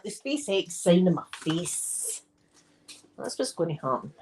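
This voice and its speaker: A woman's voice: lowish voice, sing-song, moderate pace, background noise. Playful, chatty Glaswegian woman. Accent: Glaswegian Scottish. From Scotland. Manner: chatty and playful, laughs at her own jokes. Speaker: vlogger. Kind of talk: casual chat vlog.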